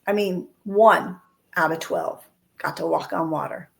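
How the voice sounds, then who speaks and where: A woman with a low, gravelly voice talks earnestly in a casual faith podcast chat. She slips into quoted voices to act out what others might say. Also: measured pace. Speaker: podcast co-host.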